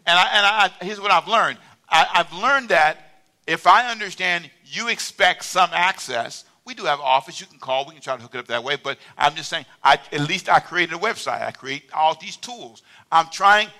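A man preaching in a church, with an animated, chatty delivery full of calls for amens. His voice sits a little high and sounds very bright and sharp. He moves easily between talk and preaching. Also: moderate pace. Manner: animated, conversational preaching with call-and-response. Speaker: pastor. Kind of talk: sermon. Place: church sanctuary.

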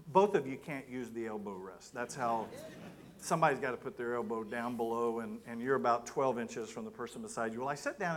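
A middle-aged man giving a sermon, telling a personal story in an animated way and acting out his own thoughts. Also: fairly high pitch. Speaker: guest preacher.

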